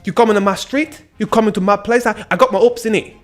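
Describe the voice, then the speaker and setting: A man's voice: high voice, fast talker, soft background music, pitched above the performer's own voice, close to an everyday voice. A man putting on a swaggering young British street guy. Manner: slangy, boastful, tag questions.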